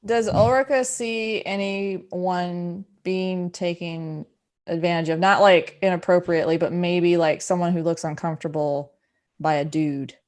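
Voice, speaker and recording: A woman player at a tabletop game, chatting casually about her character, animated and quick to laugh. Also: fairly low pitch. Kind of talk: casual table talk while playing a character.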